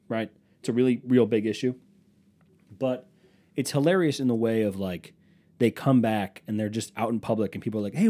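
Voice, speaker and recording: A man's voice: medium pitch, mellow. A young man hosting a solo podcast, rambling casually with lots of swearing and self-mockery. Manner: rambling, profane, self-mocking. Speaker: podcast host.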